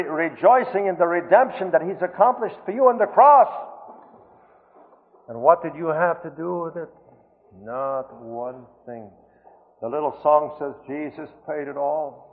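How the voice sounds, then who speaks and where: A man delivering a fervent sermon in a fairly high voice, swelling to loud exclamations on key words. The sound is thin and phone-like. A long reverb trails behind him, as in a large hall. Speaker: preacher. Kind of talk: sermon with storytelling.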